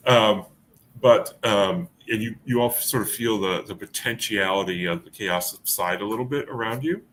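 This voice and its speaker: A man's voice: fairly low pitch, normal speed, a bit bright, slight background noise. A man running a tabletop game as game master, narrating with many fillers and restarts.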